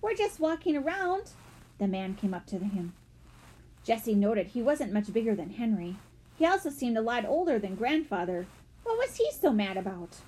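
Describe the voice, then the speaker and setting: A woman narrating a children's mystery audiobook with expressive storytelling. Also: mid-range voice, normal speed, husky.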